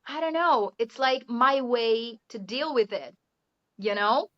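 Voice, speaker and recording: A Brazilian English teacher, a woman, chats casually as an interview guest, speaking English with a Brazilian Portuguese accent. Her voice is a little high with lively intonation, and she takes her time, laughing often and leaning on "you know." The audio is muffled and lo-fi.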